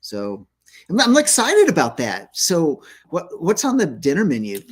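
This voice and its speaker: A man hosting a faith-based talk show, chatting playfully and excitably with his co-host. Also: fairly high pitch, unhurried, husky. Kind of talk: casual chat.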